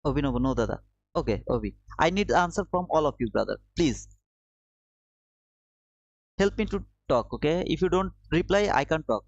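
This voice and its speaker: A man whose isn't teaches a live trading lesson in a slightly high voice. He circles back on his points and coaxes his viewers. The audio is dry and somewhat dull, like a lo-fi stream. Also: expressive, moderate pace, long pauses, no echo. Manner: repetitive, coaxing, addresses viewers as brother. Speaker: trading livestream host.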